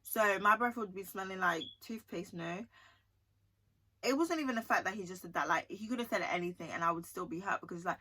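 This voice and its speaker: Bright-voiced young woman telling a story. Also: medium pitch, a little fast, breathy edge. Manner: chatty, emotional, often asks 'do you know what I mean'. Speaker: vlogger. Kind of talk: storytime vlog.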